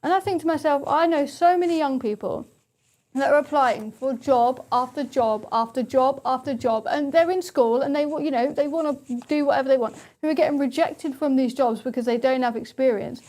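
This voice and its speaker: A woman's voice: sits high, steady tone, a little fast, darkish tone. A young woman guest on a talk radio show, making her case earnestly in long run-on sentences. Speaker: studio guest. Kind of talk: casual talk radio discussion.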